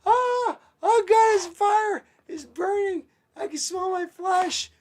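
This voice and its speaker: A man's voice: very high voice, slow pace, voice pushed up. A man voicing an old male head coach who shrieks in pain as he is burned. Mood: agonized.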